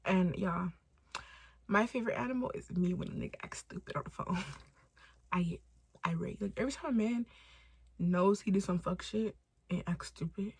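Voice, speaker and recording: A young woman from Los Angeles telling a storytime vlog in casual, animated style, swearing freely and acting out quotes. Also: mid-range voice, moderate pace, pauses often, husky, no echo. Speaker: storytime vlogger.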